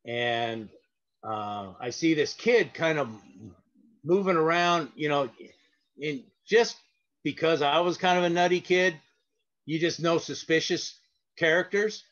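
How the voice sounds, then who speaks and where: Man, guest storyteller, higher-pitched, rambling and filler-heavy; dull recording. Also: measured pace, a bit bright. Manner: rambling, with frequent fillers and restarts. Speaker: guest, parking lot sweeper. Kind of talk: casual anecdotal storytelling.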